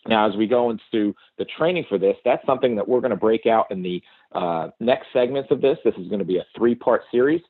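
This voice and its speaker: A man's voice: on the low side, animated, fairly quick, no echo, phone-quality sound. A man hosting an instructional segment on movement training, walking through points methodically one by one. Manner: methodical, lists points step by step. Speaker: segment host, movement coach.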